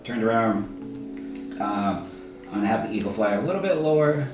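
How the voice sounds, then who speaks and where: A man's voice: fairly low pitch, expressive. Man in a very echoey room, declaring his moves. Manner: halting, plans actions step by step. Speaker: player. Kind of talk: casual tabletop game chat. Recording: very echoey room, distant mic, music behind.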